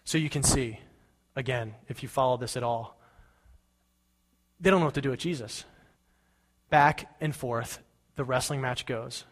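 A man preaching in a large hall, moving between reading and casual explanatory asides to his listeners. His voice sits at a middle pitch, and a long reverb trails each phrase. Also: a little slow, pauses often. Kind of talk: sermon reading and commentary.

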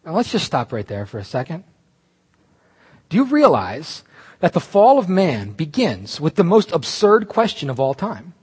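A man preaching a sermon, animated and emphatic, breaking off into asides and restarts. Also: on the high side, moderate pace, husky, big-room sound. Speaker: pastor.

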